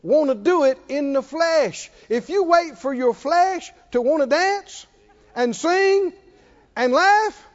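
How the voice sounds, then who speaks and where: A male preacher delivering a sermon, exhorting his listeners and breaking into shouted laughter. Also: very high voice, animated, takes it slowly, lo-fi sound.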